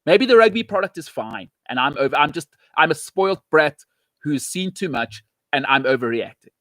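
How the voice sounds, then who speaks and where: A man's voice: fairly high pitch, animated, normal speed, sharp tone, no room sound, clean studio sound. A man with a South African accent hosting a live stream, ranting with passion and emphasis and answering viewer comments. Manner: impassioned, emphatic, repeats for emphasis. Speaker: show host.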